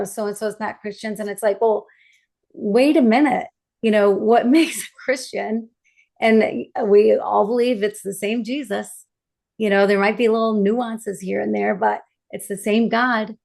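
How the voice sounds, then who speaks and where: A woman's voice: mid-range voice, level tone, normal speed, gravelly, a little mellow. A woman hosting an interview podcast, reacting emphatically and sharing her own view. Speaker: podcast host. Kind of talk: interview conversation.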